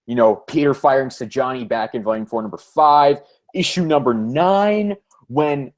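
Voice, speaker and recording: A man's voice: medium pitch, moderate pace. A man co-hosting a podcast, talking sarcastically and animatedly about comics in a casual way. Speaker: podcast co-host. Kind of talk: casual comic book discussion.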